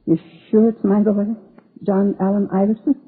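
An actress playing a gentle, grieving mother in her sixties in a 1950s radio drama, soft-spoken and halting, with a creaky, husky voice. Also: mid-range voice, little pitch movement, lightly acted. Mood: distraught. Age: 60s. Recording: tinny old radio broadcast.

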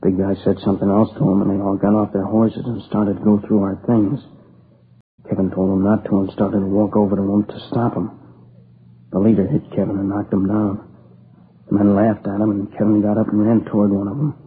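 Brief: actor as a young robbery survivor in an old radio crime drama, low flat voice, halting, tinny lo-fi sound. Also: male voice, lightly acted. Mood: grief-stricken. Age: young adult. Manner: halting, broken restarts, near tears. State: exhausted. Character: shaken young man, grieving survivor of a robbery. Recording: tinny lo-fi old broadcast with hiss.

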